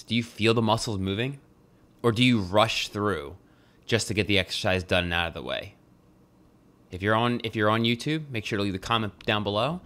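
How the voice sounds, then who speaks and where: Low-voiced young man hosting a podcast. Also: normal speed, a bit bright. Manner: loose and jokey, swears freely. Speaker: podcast host. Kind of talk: casual podcast monologue.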